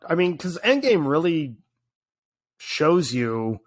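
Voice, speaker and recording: A man in his thirties, co-hosting a podcast, telling stories in a casual, animated way with lots of fillers and restarts. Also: mid-range voice, unhurried. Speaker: podcast co-host. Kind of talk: casual chat.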